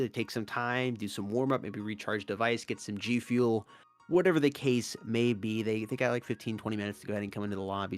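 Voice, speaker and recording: Animated male esports analyst. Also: mid-range voice. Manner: animated, analytical, stresses key words. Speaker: esports co-caster. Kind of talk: analytical tournament commentary.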